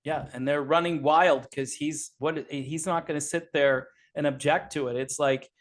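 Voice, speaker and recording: A man's voice: on the high side, fairly even intonation, moderate pace. A man hosting a podcast, talking casually and animatedly about politics, rambling with frequent fillers. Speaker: podcast host.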